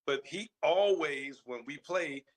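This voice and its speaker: A man's voice: a little high, takes it slowly. A man who once played pro football, talking casually on a radio show in an earnest, storytelling way. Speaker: former football player, co-host.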